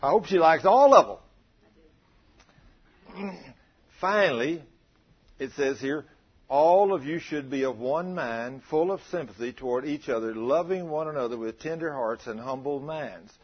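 A man preaching a sermon, telling folksy stories with a chuckle in a husky voice. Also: on the high side, lively intonation, a little slow, pauses often, highs cut off.

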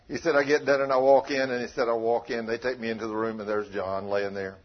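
A man preaching a storytelling sermon, swinging from loud animated bursts to hushed retelling. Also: mid-range voice, brisk, muffled recording.

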